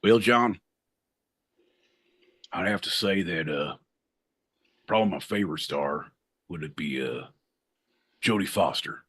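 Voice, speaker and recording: A man putting on a Southern US accent, playing a gruff gun-loving man with a low drawl. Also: a little slow, pauses often, fairly bright tone, heavily acted. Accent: Southern US, put on.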